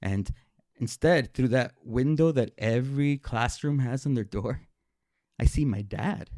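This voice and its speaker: Man, live storyteller, stammering repeats, animated, gravelly, dry close sound. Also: medium pitch, unhurried, no room sound. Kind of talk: personal story told live on stage.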